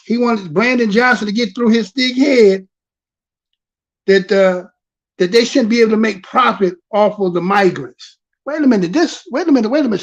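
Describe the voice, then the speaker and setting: A man with a voice that sits high gives casual vlog commentary on news clips. He is animated, repeating himself and firing off rhetorical questions.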